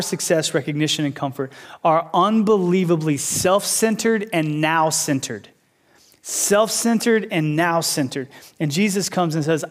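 A man preaching a sermon as pastor, building to loud repeated appeals and then dropping low and quiet, with casual asides and voiced objections.

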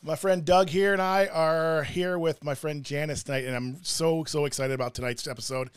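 A man of Irish heritage co-hosts a faith and family talk show, chatting casually in an emotional, rambling way and often breaking off mid-sentence. His voice is a little high and smooth, with fairly even intonation and a moderate pace. The sound is clean studio audio with no room sound, recorded on a studio mic with a cough button.

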